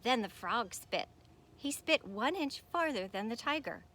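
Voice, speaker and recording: Expressive woman reading a children's story aloud. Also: on the high side, a little slow.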